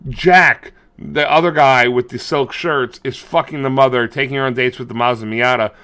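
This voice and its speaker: A man co-hosting a podcast, retelling a movie in crude, rambling, animated casual chat. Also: medium pitch, moderate pace, clear, resonant tone. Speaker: podcast co-host.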